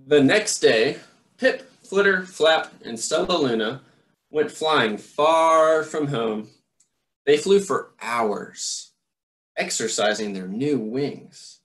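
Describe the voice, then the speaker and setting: A man reads a picture book to children, unhurried and full of swings in pitch. He throws in playful asides to his listeners as he goes. His voice carries a noticeable echo from the room. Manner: expressive, animated, with asides to listeners. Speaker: storytime reader.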